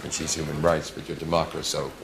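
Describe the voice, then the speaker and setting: A swaggering, blunt American soldier type. He talks very low and fast. The film clip carries a clear bed of noise. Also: completely flat delivery. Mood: smug, flirting. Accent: put-on American. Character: brash tough male American military man. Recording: noisy film clip played back.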